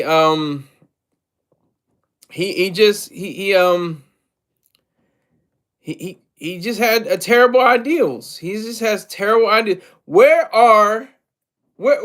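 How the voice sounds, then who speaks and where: Brief: male livestream host, high pitch, loose rambling commentary with lots of fillers. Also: fairly bright tone. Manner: rambling, repeats himself, many fillers; asks viewers for tips.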